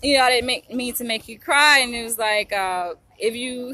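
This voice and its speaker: A young woman talks straight into her own camera in a loose, chatty vlog. Her voice is bright and clear, and she speaks with open emotion, often calling out to her viewers as she tells her story. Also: on the high side, normal speed, hardly any pauses. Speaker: vlogger, psychology trainee. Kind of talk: casual chat to camera.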